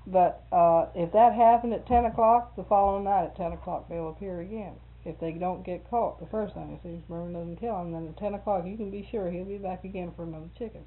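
A woman's voice: fairly low pitch, brisk, hardly any pauses. A middle-aged woman, chatting casually and telling rambling stories with frequent laughs. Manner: chatty storyteller, laughs often. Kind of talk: casual conversation. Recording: phone-like narrow band.

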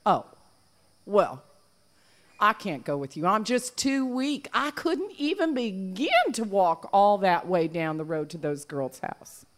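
Lady doing a sly little trickster rabbit, folksy drawl, slow and swoopy. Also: medium pitch, sing-song. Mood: feigning sickness. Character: sly sweet-talking male rabbit, scheming trickster.

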